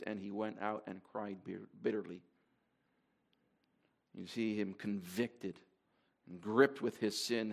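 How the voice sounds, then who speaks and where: A man's voice: fairly low pitch, fairly even intonation, moderate pace, creaky. A man preaching to a congregation in a conversational way, with fillers and restarts as he reads scripture aloud. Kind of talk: sermon.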